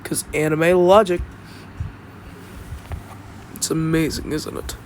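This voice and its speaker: A man's voice: a little high, little pitch movement, takes it slowly, a little mellow, a little hiss or hum. A young man casually making up a fan-fiction story as he goes, rambling and thinking aloud, recorded on his phone.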